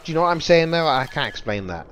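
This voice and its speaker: A man's voice: fairly high pitch, big pitch swings, fast talker, noisy background. A young man livestreaming, chatting casually and rambling to his viewers in loose slang. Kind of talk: casual chat to stream viewers.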